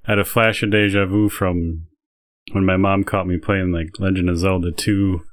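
A man with a somewhat low voice co-hosts a casual podcast. He tells stories in a loose, rambling way and fills them with "like" and "um.". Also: little pitch movement, normal speed. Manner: rambling storytelling with many fillers. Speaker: podcast co-host. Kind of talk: casual chat.

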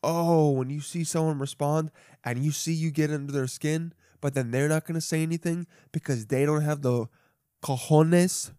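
A man's voice: fairly high pitch, steady tone, moderate pace, mellow, smooth, no echo, clean studio sound. A young man hosting a solo podcast, rambling and swearing freely, with self-mocking asides. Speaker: podcast host. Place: home.

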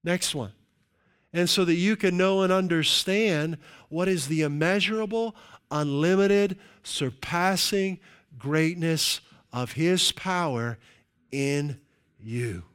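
A man's voice: fairly high pitch, slow pace, fairly bright tone, clear, resonant tone. A middle-aged male pastor giving a conversational sermon, checking in with the congregation with frequent "right?"s.

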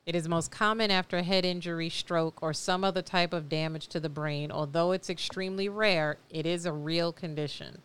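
A woman's voice: fairly low pitch, fairly even intonation, a little fast, hardly any pauses, a bit bright, clear, resonant tone. A woman with a New York accent, chatting casually and laughing easily as a co-host. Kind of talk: casual chat.

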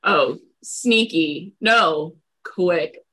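A woman's voice: fairly low pitch, very slow, sharp tone, slightly rough, low-quality recording. Chatty, laughing woman player. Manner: chatty, laughs easily, jokes. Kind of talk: casual chat at a game table.

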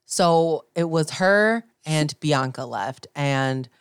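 A young woman co-hosting a podcast, chatting excitedly and swearing casually. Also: sits low, slow, clear, resonant tone, dry recording, studio quality. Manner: excitable, swears casually, acts out her own reactions. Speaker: podcast co-host. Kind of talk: casual chat.

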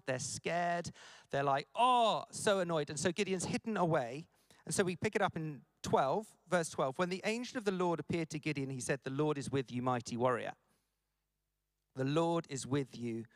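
Animated man preaching. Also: a little high, no room sound. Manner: animated, jokey, acts out quoted lines. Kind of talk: conference sermon.

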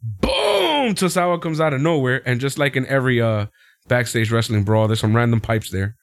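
A little fast and very animated, a podcast co-host recaps a wrestling show in casual conversation. The studio-quality recording has no room sound, and he laughs often while acting out quotes in high voices.

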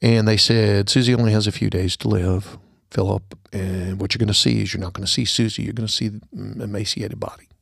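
A middle-aged man hosting a podcast, telling a personal story earnestly and going quiet at the sad parts before a holiday message. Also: on the low side, fairly even intonation, brisk, vocal fry, slightly rough, no room sound, clean studio sound. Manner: earnest storyteller, drops to a hushed tone at sad moments. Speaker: podcast host.

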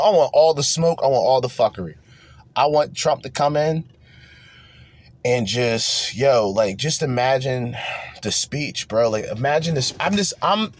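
With a medium-pitched voice, a young podcast host from New Jersey rambles through a heated, profane political rant in a casual tone. A little hiss or hum sits under the audio.

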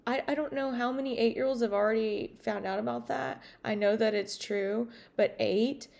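A woman's voice: on the high side, steady tone, moderate pace, gravelly, a little mellow. A woman hosting her podcast in a casual monologue, rambling and outspoken, swearing freely. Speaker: podcast host.

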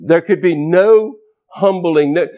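A man preaching a fiery deliverance sermon, forceful and scolding, his voice swinging from loud to low. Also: slow pace.

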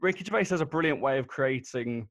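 A man's voice: mid-range voice, expressive, quick pace, a bit bright, dry recording. A man hosting a casual podcast chat, retelling scenes and leading the talk. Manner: leads the talk, retells scenes with quoted lines.

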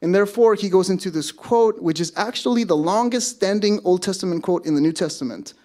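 High-voiced man preaching a casual sermon. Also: a little fast, darkish tone. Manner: conversational, self-deprecating asides. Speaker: pastor. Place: church service.

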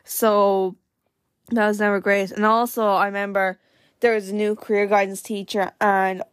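Young irish girl chatting on her podcast, lots of likes and restarts, thoughtful, mid pitch, dead dry room. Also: level tone, normal speed, clear, resonant tone, no room sound. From Ireland. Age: late teens. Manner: hesitant and reflective, full of fillers and restarts. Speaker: podcast host. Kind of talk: personal podcast monologue.

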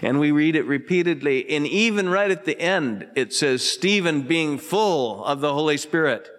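A man preaching a radio sermon as pastor, earnest, swinging between emphatic lines and hushed, tender ones. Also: a little high, animated, normal speed, big-room sound. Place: church sanctuary.

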